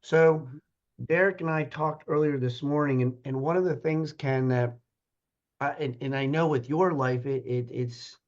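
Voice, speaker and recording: A man's voice: medium pitch, measured pace, lo-fi sound. A man hosting a podcast, asking a guest questions in a rambling, casual way while searching for words. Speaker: podcast host.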